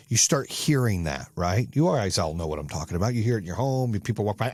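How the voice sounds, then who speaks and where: A man hosting a podcast, giving a profane, emphatic motivational talk in a husky voice that rises loud and high when he gets excited. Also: fast talker, dry recording, clean studio sound. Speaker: podcast host. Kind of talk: motivational monologue.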